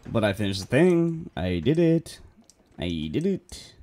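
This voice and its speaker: A man's voice: mid-range voice, big pitch swings, measured pace, warm tone. Laughing, swearing young male streamer. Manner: laughing, swearing, joking with teammates. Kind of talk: casual gaming commentary.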